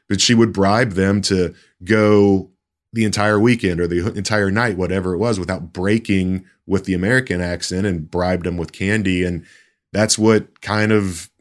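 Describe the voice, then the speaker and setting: A man with a very deep voice tells a story in casual podcast chat. He talks as a sports reporter and often restarts his sentences. His delivery is halting but relaxed.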